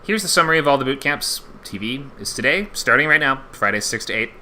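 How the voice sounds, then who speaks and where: A man's voice: mid-range voice, lively intonation, quick pace, sharp tone, a little hiss or hum. A man hosting a live-streamed online screenwriting class, upbeat and chatty and laughing often.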